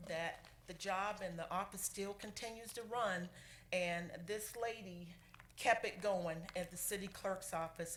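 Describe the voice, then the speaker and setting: A woman serving as city clerk gives a heartfelt, halting tribute at a council meeting, pausing often and fighting back tears. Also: medium pitch, a bit bright. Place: council chamber. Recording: echoey chamber with faint room noise.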